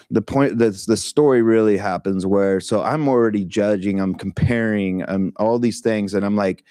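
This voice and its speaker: A man's voice: fairly low pitch, warm tone, no echo, clean studio sound. A middle-aged man leading a meditation talk, telling a personal story in a candid, casual way with frequent swearing, laughter and fillers.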